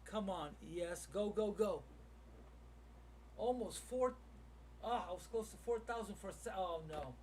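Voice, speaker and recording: A man with a high voice, unhurried in his speech, thinks aloud to his viewers about his trades during a live trading stream. He sounds a little distant from the mic, with a faint noise behind him. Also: darkish tone. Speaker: day trader running a live trading room.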